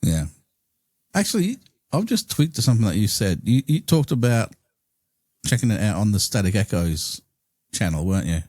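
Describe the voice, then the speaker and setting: Deep-voiced man, chatty host. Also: sing-song, moderate pace, long pauses, a little mellow, dry recording, clean studio sound. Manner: chatty, laughs easily. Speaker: podcast host. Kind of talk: casual chat.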